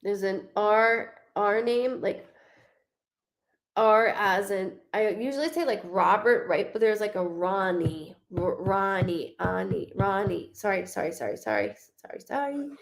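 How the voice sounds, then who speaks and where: A woman giving a live psychic reading, talking in quick, rambling bursts and often correcting herself. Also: mid-range voice, animated. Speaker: psychic medium. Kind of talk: live-streamed reading to viewers.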